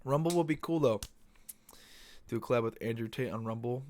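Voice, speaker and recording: A man's voice: mid-range voice, fairly quick, a little mellow. A young man hosting a podcast, talking casually in a loose, profane, meandering monologue. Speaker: podcast host. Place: Arizona.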